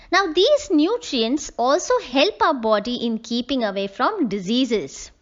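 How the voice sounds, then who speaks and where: A woman teacher, slowly explaining a textbook lesson to young children and spelling out words letter by letter. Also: sits high, dull audio. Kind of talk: classroom lesson reading from a textbook.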